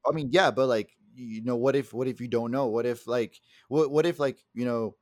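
A man in a loose podcast chat, his voice recorded close and dry with no room around it. He rambles and restarts often, swears freely and talks like an openly emotional guy. His pitch sits in an ordinary middle range. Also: moderate pace, no echo. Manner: self-described very emotional. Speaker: podcast co-host. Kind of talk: casual chat.

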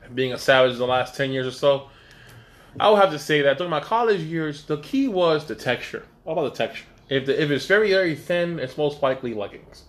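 A man's voice: on the high side, animated, fairly quick, close to an everyday voice. A man playing a mock-formal self-styled expert, giving a jokey announcement. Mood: mock-serious.

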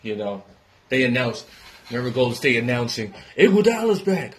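A young man from New York rants casually and profanely, shifting between loud outbursts and low mutters. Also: fairly even intonation, fairly quick. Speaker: independent musician giving sports opinions. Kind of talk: casual ranting monologue.

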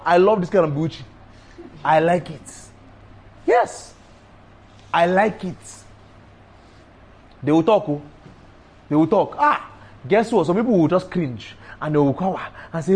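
Man, preacher, sermon, high voice, emphatic, repetitive. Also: expressive, moderate pace, long pauses, slightly rough.

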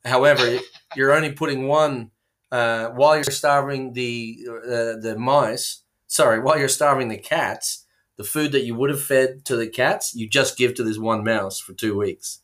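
A man's voice: medium pitch, steady tone, moderate pace, fairly bright tone. A man co-hosting a casual comedy chat, spinning absurd tangents with frequent fillers and restarts, heard over a remote call. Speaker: co-host.

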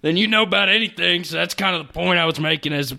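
A man's voice: high-pitched, fast, gravelly, bright, forceful tone, no echo, clean studio sound. A man co-hosting a comedy podcast, riffing loosely with lots of fillers and swearing. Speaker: podcast co-host. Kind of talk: casual comedic banter.

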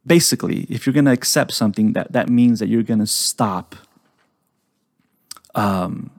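A man hosting a psychology podcast, explaining ideas slowly and often checking in with "right?". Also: lowish voice, no room sound, clean studio sound. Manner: explains slowly, repeats key phrases, tags lines with "right?". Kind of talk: relaxed teaching talk.

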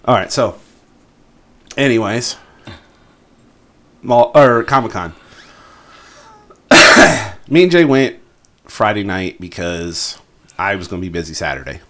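A man's voice: on the low side, slow pace, pauses often. A man co-hosting a podcast in casual chat, telling stories animatedly and acting out what people said. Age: adult, parent of an eight-year-old. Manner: animated storyteller acting out quotes. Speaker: podcast co-host.

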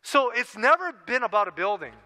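A man's voice: extremely high pitch, sing-song, fairly quick, pushed and bright. A man preaching a sermon in a conversational way, often checking in with his listeners. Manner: conversational preaching, tag questions "right?". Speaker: pastor. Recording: long reverb of a hall.

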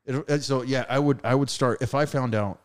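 A man co-hosting a casual podcast, talking in an animated, swearing way with lots of laughter, a little tipsy on wine. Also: mid-range voice, fairly quick, clear, resonant tone. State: drinking wine. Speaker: podcast co-host.

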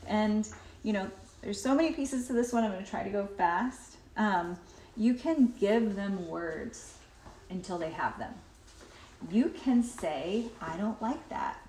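A woman's voice: medium pitch, lively intonation, unhurried, dark tone. A woman giving a parenting workshop in a chatty way, with many fillers, acting out what children say. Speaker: workshop presenter. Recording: roomy echo, faint noise.

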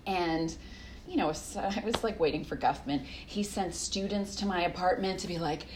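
A woman in her thirties, a guest telling lively stories in casual conversation, laughing often and acting out quotes. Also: fairly low pitch, moderate pace, slight background noise. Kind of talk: casual interview storytelling.

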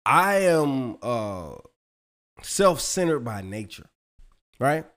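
A man's voice: medium pitch, slow. A middle-aged man co-hosting a podcast, chatting casually and telling stories with frequent laughter and swearing. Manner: animated storyteller, laughs often, swears freely. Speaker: podcast co-host. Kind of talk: casual chat.

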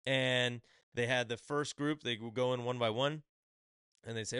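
A man's voice: medium pitch, steady tone, pushed and bright, clear, resonant tone, dry recording. Guy chatting solo on his podcast, rambly, does little voices for quotes, dead dry room. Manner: rambling, acts out quotes in quick asides. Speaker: podcast host. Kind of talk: casual solo book review.

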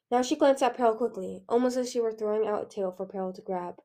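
A woman reading a fantasy novel aloud in steady storytelling narration. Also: on the high side, fairly quick, few pauses. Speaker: audiobook reader.

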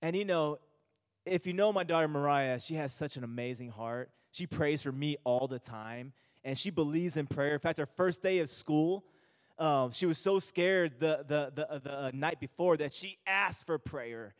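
A man's voice: a little high, moderate pace, clear, resonant tone, in a large hall. A male pastor giving an earnest sermon, repeating himself and restarting phrases as he speaks.

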